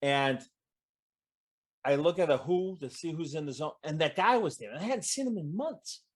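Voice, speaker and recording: Lively, high-pitched man spinning stories. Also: normal speed. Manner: lively storyteller, acts out quoted voices, trails off mid-sentence. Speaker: guest author in audience Q&A. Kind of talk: animated storytelling in casual chat.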